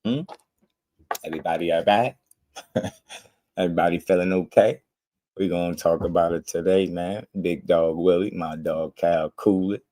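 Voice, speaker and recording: A man's voice: low-pitched, steady tone, moderate pace, pauses often. Laughing man hosting a boxing livestream. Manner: laid-back, laughs often, shouts out viewers by name. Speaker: boxing channel host. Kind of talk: casual livestream chat.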